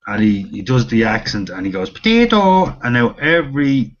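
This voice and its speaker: A man's voice: fairly low pitch, a little fast, dull audio. A man with an Irish accent in casual chat, bantering bluntly and swearing over a video call.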